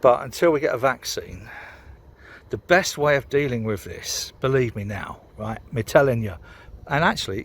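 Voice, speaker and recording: A man's voice: medium pitch, animated, moderate pace, vocal fry, a little hiss or hum. Sweary, rambling British man ranting outdoors. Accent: British English. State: tipsy after a beer. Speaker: vlogger. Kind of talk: casual outdoor vlog rant. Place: outdoors by a canal towpath.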